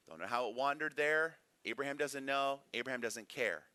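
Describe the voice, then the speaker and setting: A man's voice: medium pitch, moderate pace, sharp tone, clear, resonant tone, no echo. A man teaching a casual Bible lesson in a church classroom, conversational and full of rhetorical questions. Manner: conversational, frequent rhetorical "right?".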